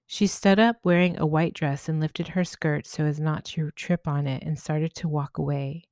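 A woman, a spiritual medium, narrating a first-person story in a calm, gentle way. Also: deep voice, moderate pace, dry recording, studio quality. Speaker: spiritual medium and podcast host.

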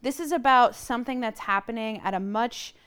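Podcast guest, woman, earnest and searching for words, smooth voice, lapel mic. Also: on the high side, brisk, a bit bright. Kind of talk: casual conversation. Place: room shared with host.

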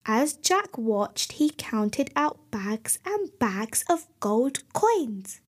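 Woman, storyteller, slow unhurried pace, slightly high voice, clear expressive narration.

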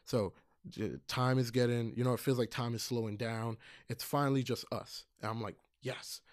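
A man's voice: mid-range voice, normal speed, no echo, clean studio sound. A man casually telling a heartfelt personal story, earnest, with frequent fillers and restarts. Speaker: storyteller recalling camp counseling.

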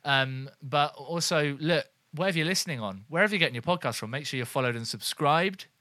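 Bright-voiced man cohosting a comedy podcast. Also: on the high side, a little fast, no room sound. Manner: loose, swearing, jokey. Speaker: podcast co-host. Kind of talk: casual comedy chat. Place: small stuffy bedroom.

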